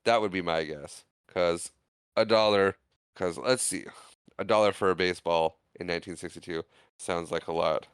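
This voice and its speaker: Clear-voiced man recapping a movie. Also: low-pitched, normal speed, dry recording, clean studio sound. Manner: animated, acts out characters' lines while retelling scenes. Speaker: podcast co-host. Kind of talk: casual movie recap chat.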